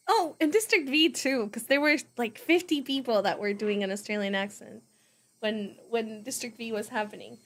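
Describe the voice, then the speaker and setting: A woman's voice: a little high, moderate pace, a bit bright. A woman streamer chatting casually between reading passages, giggly and rambling, easily sidetracked. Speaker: voice acting streamer. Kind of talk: casual chat.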